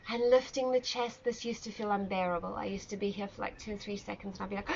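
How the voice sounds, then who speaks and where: A woman's voice: medium pitch, fast talker, gravelly, few pauses, a bit bright. Chatty woman leading a pilates class. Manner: chatty, encouraging cues with self-deprecating asides. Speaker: pilates instructor. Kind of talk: live online exercise class instruction. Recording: slightly dull sound with faint ambient noise.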